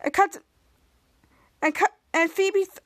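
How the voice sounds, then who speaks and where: A woman's voice: very high-pitched, steady tone, measured pace. A woman hosting a podcast, casually recapping an episode in a rambling way, with many restarts and stumbles over words. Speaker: podcast host.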